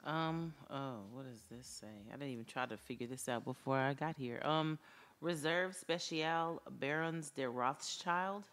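A woman's voice: sits low, measured pace, a bit bright. A woman co-hosting a casual chat podcast, chuckling as she stumbles through reading a label aloud. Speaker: podcast co-host.

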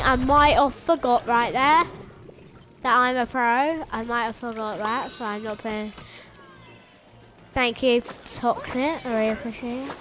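A woman's voice: high-pitched, a little slow, over music. A woman hosting a gaming channel, giving playful commentary over her match and teasing her teammates. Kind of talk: gameplay commentary.

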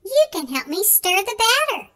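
A woman reading a gentle storybook mother. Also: very high voice, sing-song, normal speed, voice pushed up, heavily acted. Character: patient kind mother.

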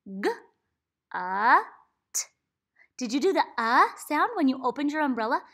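A woman teaching young children to read, sounding out letters one by one and cheering them on with big, animated praise. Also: moderate pace. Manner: big excited praise, gasps and swoops up in pitch. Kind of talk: read-aloud phonics lesson for kids.

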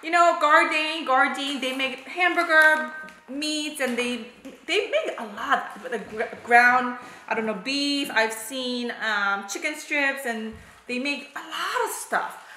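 A woman's voice: high-pitched, slow pace, pushed and bright. A woman hosting a home cooking and mukbang vlog, chatting animatedly to the camera and laughing often. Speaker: vlogger, mukbang host. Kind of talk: casual chat to camera. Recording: echoey room.

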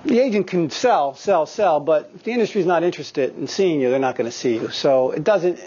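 Profane animated man in his fifties. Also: a little high, fairly quick, breathy edge. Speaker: guest actor speaking to acting students. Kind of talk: candid anecdotal talk. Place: acting studio. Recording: slightly dull lo-fi recording.

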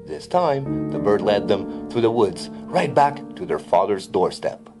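Guy narrating a fairy tale, lively voice, soft guitar music under it. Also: fairly low pitch, a little slow. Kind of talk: scripted storybook narration.

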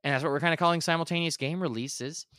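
A man's voice: fairly high pitch, fairly even intonation, quick pace, sharp tone, no echo, studio quality. A man co-hosting a gaming podcast, talking casually and enthusiastically, often restarting and correcting himself. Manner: rambling, self-correcting, enthusiastic. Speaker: podcast co-host. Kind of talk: casual chat.

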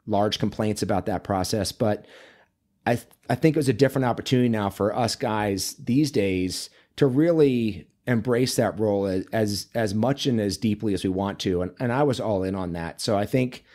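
A man, a men's coach and author, talking as a podcast guest in a relaxed, chatty way, full of fillers and storytelling. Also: lowish voice, moderate pace. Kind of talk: casual interview conversation.

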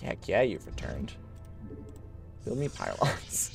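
Over music, a man with a low, creaky voice speaks slowly as he plays a strategy game on stream. He's giggly and excitable, joking around and commanding his units with mock-belligerent bluster throughout his live commentary.

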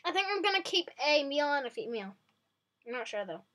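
Woman, vlogger, high voice, bright, excitable casual commentary. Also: quick pace. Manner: excitable, chatty, talks to viewers.

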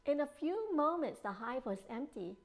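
A children's librarian reading a picture book aloud with an expressive, playful delivery. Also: female voice, sits high, moderate pace. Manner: expressive, playful reading with lively sound effects. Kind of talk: storybook read-aloud for children.

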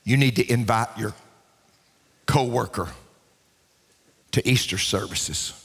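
A man preaching a sermon as pastor, emphatic and rising to shouts, repeating key lines for emphasis. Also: mid-range voice, slow, vocal fry, breathy edge. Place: church sanctuary. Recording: long reverb of a church hall.

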